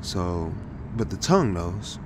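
A man giving an informal scripture study talk, thinking aloud with halting restarts and sudden bursts of excited realization. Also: sits low, noisy background. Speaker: Bible teacher.

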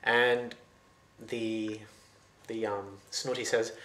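A man's voice: lowish voice, unhurried, pauses often. Man telling a folktale in a roomy echo. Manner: lively, loose and conversational with restarts. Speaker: storyteller. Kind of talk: oral folktale retelling.

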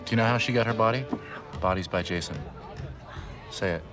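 An actor plays a cocky personal trainer in a film comedy, coaching with intense insistence. His voice sits on the low side, over music. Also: brisk, close to an everyday voice. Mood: pushy. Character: pushy, self-assured male personal trainer.

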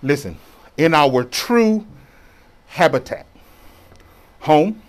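A bishop preaching from the pulpit in a high, lively voice that swoops up and down. He talks in a loose, colloquial way and keeps drawing the congregation into call and response. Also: drawn-out words. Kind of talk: sermon.

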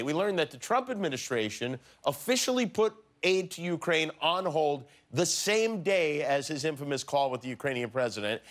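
A man's voice: high-pitched, a bit bright. A man hosting a late-night show, delivering a sarcastic comedic monologue in a studio with a live audience.

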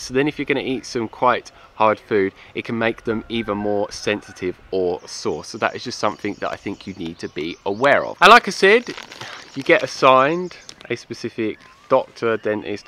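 A man's voice: medium pitch, bright, forceful tone. A man giving a casual, enthusiastic review to camera, chatty and repetitive, with a slight lisp from wearing aligners. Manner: chatty, repeats "like I said" and "yeah"; enthusiastic recommending. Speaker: vlogger reviewing his aligners.

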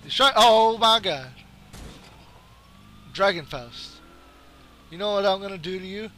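A young man commentating his own gameplay, trash-talking and often breaking into yells. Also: high-pitched, measured pace. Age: young adult. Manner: excitable, trash-talking, swings to yelling.

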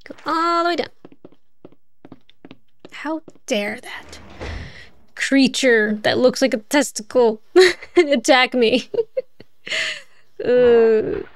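Chatty woman streamer with a high voice, talking herself through the game. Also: slow pace, pauses often. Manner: chatty, thinks aloud, laughs often. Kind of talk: casual gameplay commentary.

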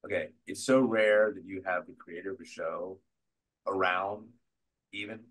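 An older man, an actor being interviewed, telling stories from his life and career in a lively way, acting out the voices of people he quotes. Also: deep voice, normal speed, low-quality recording. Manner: animated storyteller who acts out quotes. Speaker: guest actor. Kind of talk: conversational interview storytelling.

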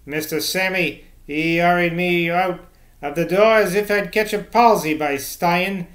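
A man's voice: sits high, unhurried, a bit bright. A man voicing a gossiping old village woman with a rustic dialect, shocked at what she overheard. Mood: scandalised. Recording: echoey room.

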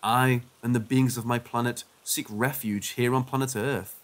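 Brief: stiff, measured alien overlord, calm threat, read by a male narrator. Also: mid-range voice, natural voice. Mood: solemn. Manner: formal, measured.

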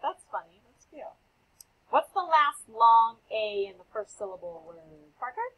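A young woman teacher with a slightly husky, breathy voice that rises and falls a lot as she talks. She speaks slowly, calls on children by name and repeats their answers back to them. Her pitch sits a little high. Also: very animated, a bit bright, rough recording. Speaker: elementary school teacher. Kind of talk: classroom phonics lesson.

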